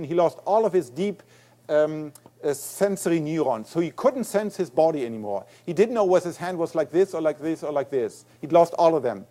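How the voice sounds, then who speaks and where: A man with a German accent and a first language of German, giving an academic lecture as a guest neuroscientist in an animated, explaining way, often restarting and repeating words. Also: high voice. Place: lecture hall.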